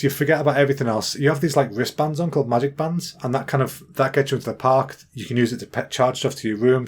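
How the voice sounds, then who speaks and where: A man's voice: mid-range voice, darkish tone. A man in his thirties with an English accent, telling rambling, jokey stories as a podcast host. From England. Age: 30s. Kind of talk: casual storytelling monologue.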